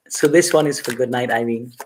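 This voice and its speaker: A woman's voice: rumbling low, fairly even intonation, moderate pace, a little mellow, a little hiss or hum. A woman giving a casual live-stream tarot reading, chatty and rambling, laughing often between thoughts. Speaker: tarot reader.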